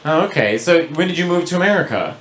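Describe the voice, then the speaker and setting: Stand-up comic, male, higher voice with lively swings, teasing crowd work; live show, heavy audience noise. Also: fast talker. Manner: playful and teasing, animated. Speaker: stand-up comedian.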